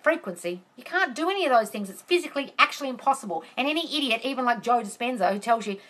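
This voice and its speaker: Her voice on the high side and a bit bright, with lively intonation, a manifestation coach rattles along fast with hardly any pauses. Live on stream, she answers comments bluntly, swears freely, rants in exasperation and calls people darling.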